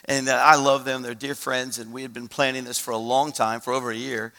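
A male pastor preaching a sermon, telling a story with animated delivery and acting out the people he quotes. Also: mid-range voice, fairly quick, big-room sound. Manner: animated storyteller who acts out quoted voices.

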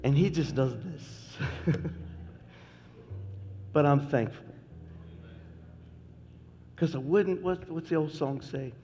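Folksy middle-aged pastor in a reverberant hall. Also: male voice, fairly high pitch, takes it slowly, pauses often, dark tone, faint music behind. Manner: folksy, joking, repeats phrases for emphasis. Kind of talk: sermon.

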